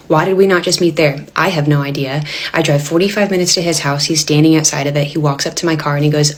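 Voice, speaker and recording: A woman with a notably low voice tells a personal story straight to camera. Her delivery is casual and wry, with dry comic timing. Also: fairly even intonation, fast talker, few pauses.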